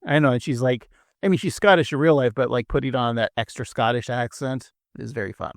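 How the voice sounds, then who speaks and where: A man co-hosting a podcast in relaxed, rambling chat, laughing often. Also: mid-range voice, brisk, vocal fry, no echo, clean studio sound. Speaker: podcast co-host. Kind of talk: casual chat.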